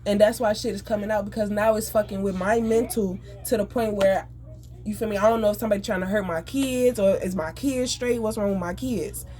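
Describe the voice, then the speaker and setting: A woman venting in an angry, profane, rapid rant. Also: medium pitch, steady tone, warm tone. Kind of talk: emotional venting monologue.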